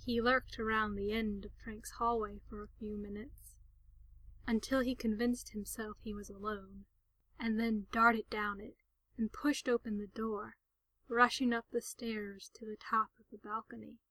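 A woman narrating a story in a soft, gentle, half-whispered voice. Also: fairly high pitch, little pitch movement, a little slow, dry recording, low-quality recording.

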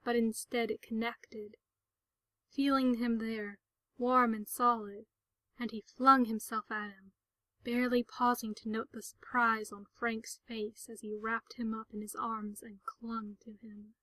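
A woman narrating a story in a soft, gentle, half-whispered voice. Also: fairly high pitch, little pitch movement, unhurried, no echo, low-quality recording.

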